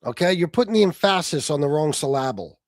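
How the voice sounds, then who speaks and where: Profane, mocking man, lively pitch. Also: fast, no echo, clean studio sound. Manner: profane, mocking, shouting at times. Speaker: livestream host. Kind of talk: heated livestream argument.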